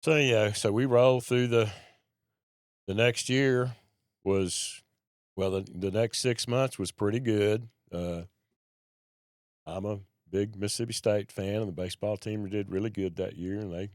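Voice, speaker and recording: A man's voice: lowish voice, fairly even intonation, a little slow, dry recording, studio quality. A man, a podcast guest telling a personal story in a folksy, plain-spoken way.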